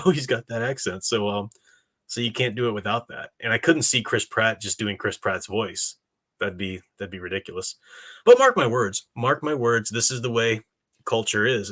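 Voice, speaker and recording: A man's voice: mid-range voice, fairly bright tone. A man hosting a live stream, reading chat messages and giving blunt opinions in casual, emphatic commentary. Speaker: live-stream show host.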